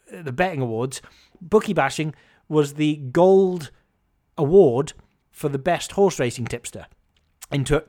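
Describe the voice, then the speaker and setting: Wry man telling a story. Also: on the high side. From Scotland. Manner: animated, wry, self-mocking. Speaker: podcast host. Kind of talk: casual storytelling.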